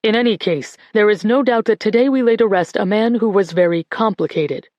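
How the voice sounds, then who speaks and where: A woman voicing a grieving man who gives a slow, measured eulogy at a church funeral. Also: mid-range voice, a little mellow, no room sound, lo-fi sound, natural voice. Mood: solemn, reflective. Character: grieving grandson giving a church eulogy, male adult.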